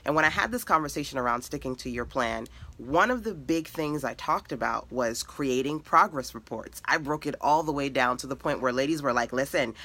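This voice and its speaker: Energetic woman giving a pep talk. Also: very deep voice, a little fast, hardly any pauses. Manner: energetic, preachy, repetitive emphatic lists. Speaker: web designer and mentor to women entrepreneurs. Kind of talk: motivational live-stream talk.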